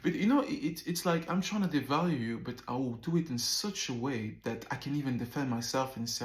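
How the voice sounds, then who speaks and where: A man in his thirties telling a personal story to camera in a casual, animated way, often repeating words and swearing freely. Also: medium pitch, brisk, hardly any pauses, reverberant. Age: 30s. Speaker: vlogger.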